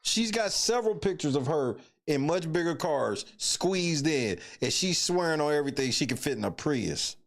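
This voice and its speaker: A man's voice: fairly high pitch, expressive, moderate pace, hardly any pauses. A man reacting to a video in casual, profane, mocking chat, often breaking into laughter.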